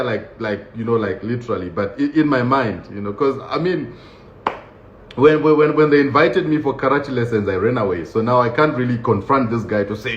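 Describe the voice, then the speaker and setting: A man telling his own story in a casual, animated way, laughing often and acting out the voices of others. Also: mid-range voice, normal speed. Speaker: show host recounting his own experience. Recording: roomy, dull lo-fi sound with faint hiss.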